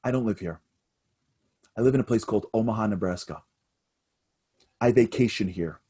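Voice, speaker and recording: A man's voice: lowish voice, moderate pace, mellow, breathy edge. A man voicing an older male billionaire investor who moves from reassurance to insistent lecturing. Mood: calm.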